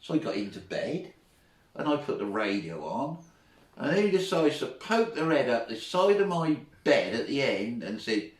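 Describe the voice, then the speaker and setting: A man's voice: medium pitch, sing-song, normal speed. A middle-aged man, a former teacher, telling chatty anecdotes as a guest and laughing often along the way. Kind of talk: casual storytelling. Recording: roomy, from far off the mic.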